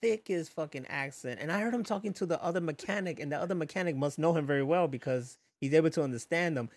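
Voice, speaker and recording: A man's voice: a little high, quick pace, no echo. Brief: man, casual co-host chat, swears a lot, laughs easily, dry close sound. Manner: laughs often, profane, animated storytelling.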